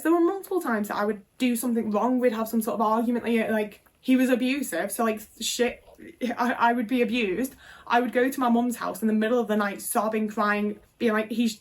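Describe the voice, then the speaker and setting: A young woman talks straight to camera in a casual confessional vlog. She is blunt and sweary and peppers her sentences with "like". Her voice sits a little high. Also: brisk. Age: 20s. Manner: frank and sweary, with lots of "like". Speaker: vlogger.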